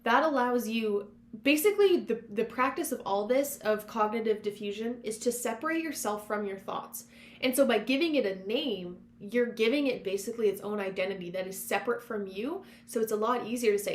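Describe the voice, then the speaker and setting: A woman's voice: fairly high pitch, brisk. Woman podcast host in an echoey room. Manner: encouraging, conversational, coaching. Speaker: former counselor. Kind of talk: self-help podcast talk. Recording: roomy echo with faint hum.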